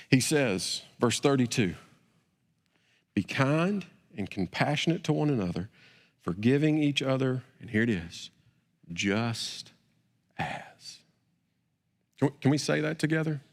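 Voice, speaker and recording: A middle-aged man, a pastor, preaching a sermon, stammering on repeated words and rising to emphatic peaks before dropping quiet. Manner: repeats words, builds to emphatic peaks then drops low. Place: church sanctuary. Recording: long hall reverb.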